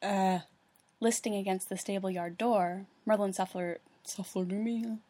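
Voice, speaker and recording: A woman's voice: medium pitch, steady tone, unhurried, warm tone. A woman at home reading a fan story aloud into her computer, stumbling over words, swearing and laughing at herself. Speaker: reader. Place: at home alone. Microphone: computer microphone.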